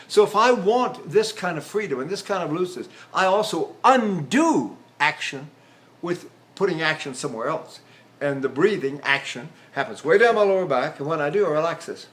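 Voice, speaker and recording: An older man lectures on vocal technique in a rambling, demonstrative way. His speaking voice sits notably high for a man, and he keeps breaking off to show sounds and exercises. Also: sing-song, moderate pace, a bit bright. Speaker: voice teacher.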